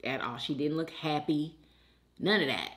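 A woman from Houston, hosting a mukbang and chatting warmly and emotionally with viewers in the chat. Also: sits low, normal speed. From Houston, Texas. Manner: chatty and emotional, calls viewers girl and sis. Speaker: mukbang host reading live chat. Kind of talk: casual chat.

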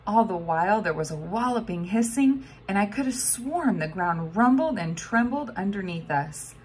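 A woman narrating a children's novel aloud with expressive storytelling. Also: medium pitch, moderate pace, slight background noise. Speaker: audiobook narrator. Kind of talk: scripted narration.

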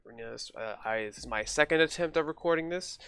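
A man's voice: fairly high pitch, fast, fairly bright tone, slight background noise. A man hosting a gaming video, joking and trash-talking in casual commentary while he plays. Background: game gunfire and keyboard clicks.

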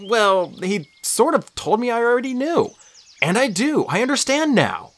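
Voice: medium pitch, sing-song, moderate pace, voice pushed up. A narrator voicing an earnest, apologetic teenage boy in an audiobook. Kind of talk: audiobook character voice.

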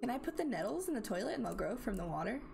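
A woman's voice: a little high, very animated, racing, gravelly. A woman commenting as she plays a video game, chatty and thinking aloud. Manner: chatty, thinking aloud, reacting with gasps and laughs. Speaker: gameplay commentator. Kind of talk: let's play commentary. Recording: game music playing behind.

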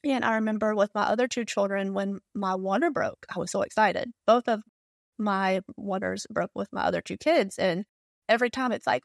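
A woman's voice: medium pitch, steady tone, normal speed, creaky, no echo, studio quality. A woman in her thirties with a Southern US accent, telling a personal story candidly and with emotion as a podcast guest. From Southern United States.

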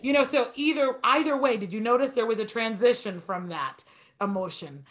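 A woman piano teacher giving an online masterclass, talking fast and encouraging her student. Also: a little high.

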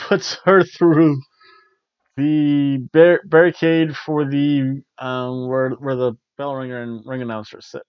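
A man hosts a casual spoken review at an ordinary mid pitch. He wanders through his points, correcting himself with small chuckles. The recording is dry and a little dull. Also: smooth, dry recording. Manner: rambling, self-correcting, chuckles often. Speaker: host of a wrestling review show.

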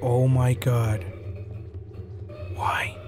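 With a flat delivery and drawn-out words in a mid-range voice, a young gaming YouTuber from Mexico, Mexican accent, narrates a horror game as music plays behind him. His let's play commentary is jumpy, going from hushed self-coaching to yelps and swearing, and he switches into Spanish.

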